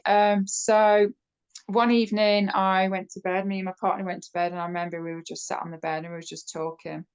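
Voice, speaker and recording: A woman's voice: medium pitch, rough recording. Chatty British woman telling her story. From United Kingdom. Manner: chatty and animated, with many fillers and restarts; laughs often while telling the story. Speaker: podcast guest. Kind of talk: casual personal storytelling.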